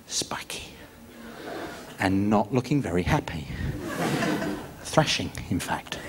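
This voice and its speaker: A man doing stand-up comedy, telling a story in an animated, theatrical way. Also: on the low side, background noise.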